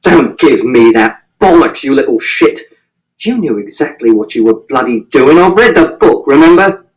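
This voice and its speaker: A man reading as an angry, exasperated middle-aged father, speaking low and clipped and swearing at his son. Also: very animated, moderate pace, poor audio. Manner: low, clipped, swearing through gritted teeth.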